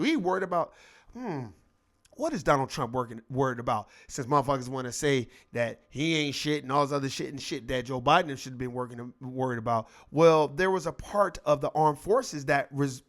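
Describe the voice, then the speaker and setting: A man hosting his own show, giving a heated, profane political rant and mocking people by acting out their lines. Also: fairly high pitch. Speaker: show host.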